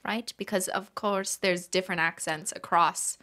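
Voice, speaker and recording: A woman's voice: on the low side, steady tone, normal speed, sharp tone. A woman from Canada co-hosting a podcast in casual chat, giggly and playful, swearing casually. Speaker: podcast co-host.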